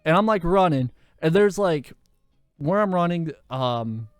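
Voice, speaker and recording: A young man hosting a podcast, telling a story in a loud, animated way and swearing often. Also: fairly high pitch, unhurried, clear, resonant tone, no room sound. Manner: animated, swears a lot, laughs through his story. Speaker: podcast host. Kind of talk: casual storytelling.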